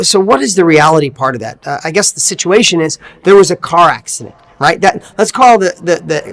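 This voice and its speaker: A man giving an energetic motivational coaching talk, emphatic and full of repeated questions. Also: high voice. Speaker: motivational speaker.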